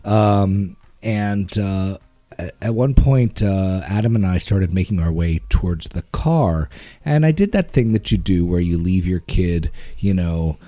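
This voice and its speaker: A man co-hosting a podcast, telling a story in a lively, animated way while tired and emotional. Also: deep voice, measured pace, no room sound. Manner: animated storytelling with acted-out quotes. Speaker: podcast co-host. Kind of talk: casual chat.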